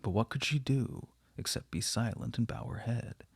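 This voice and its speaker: A man reading a classic novel aloud in a measured, steady way. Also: mid-range voice, gravelly, husky, no room sound, clean studio sound. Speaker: audiobook reader.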